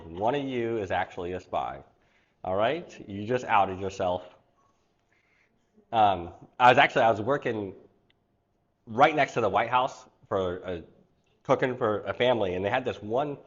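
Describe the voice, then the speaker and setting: A man's voice: lowish voice, muffled recording. Chatty man hosting an online cooking class. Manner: chatty, rambling storyteller. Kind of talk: casual livestream class chat.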